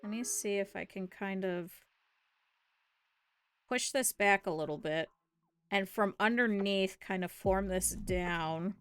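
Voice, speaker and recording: A young woman with a Midwestern accent talks casually and rambles as she crafts on a live stream. Her voice is bright and clear, with a middling pitch. Soft music plays faintly underneath. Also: slow, long pauses. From northern Ohio, US. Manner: rambling, chatty, thinks aloud. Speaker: VTuber streamer. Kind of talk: casual chat while crafting.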